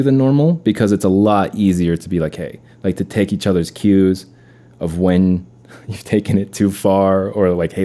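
A man's voice: sits low, dark tone. A man hosting a podcast, casually rambling through a funny story with chuckles. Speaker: podcast host.

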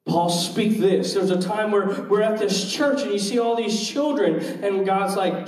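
A male minister telling a faith testimony in an animated way, acting out the voices of the people in his story. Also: high voice, measured pace, hardly any pauses. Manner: animated, acts out quoted voices. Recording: echoey room, distant mic.

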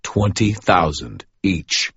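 A man voicing a very deep-voiced, gruff male buyer who speaks in terse, rumbling lines. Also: expressive, takes it slowly, fairly bright tone, dry recording, dull audio, heavily acted.

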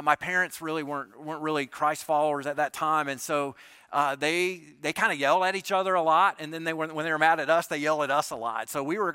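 A pastor giving a conversational sermon, often asking the congregation rhetorical questions. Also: male voice, a little high, pushed and bright, smooth, dry recording, clean studio sound.

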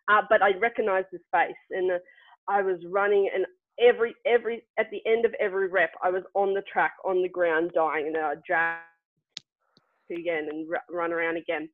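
Young woman, athlete guest telling her story; chatty, filler-heavy, phone-line sound with no room echo. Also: fairly low pitch. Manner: chatty, laughs often, many fillers. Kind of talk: casual storytelling interview. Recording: tinny dry phone-like line.

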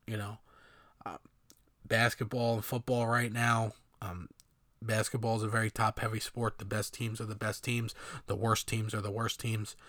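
A man's voice: on the low side, little pitch movement, normal speed, a bit bright, no echo, clean studio sound. A man giving a casual, rambling sports opinion monologue with many fillers and sardonic asides. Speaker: sports commentator.

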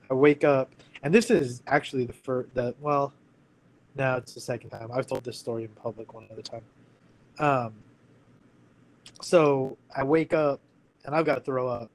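A man's voice: mid-range voice, fairly even intonation, moderate pace, pauses often, rough recording. Earnest man in his thirties. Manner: candid and earnest, full of fillers like "like" and "you know". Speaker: guest telling a personal story. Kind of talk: casual conversational storytelling.

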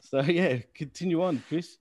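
A man's voice: fairly high pitch, moderate pace, darkish tone, no room sound, clean studio sound. A man co-hosting a casual wrestling podcast, talking in a friendly, chummy way and calling people "dude" and "man". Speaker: podcast co-host.

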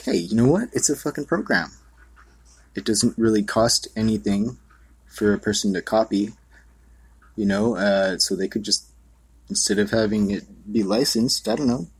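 Husky, rambling male podcaster. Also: lowish voice, no room sound. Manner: loose, profane, meandering with many fillers. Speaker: podcast host. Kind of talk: rambling monologue.

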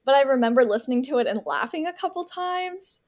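Lively, high-voiced woman podcast host. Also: fairly quick. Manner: chatty, many "like" fillers. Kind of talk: casual book chat.

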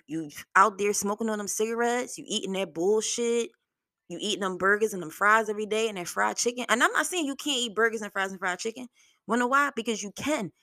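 A young adult woman hosting her solo podcast, talking bluntly and with plenty of profanity, telling stories in an animated way. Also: mid-range voice, dry recording, clean studio sound. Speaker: podcast host.

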